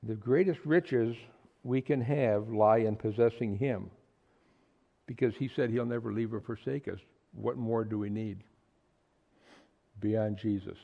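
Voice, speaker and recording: A man's voice: fairly low pitch, a little slow, gravelly, pauses often, lo-fi sound. A man preaching a sermon to a small fellowship, earnest and emphatic, often repeating words for stress. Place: small fellowship meeting room.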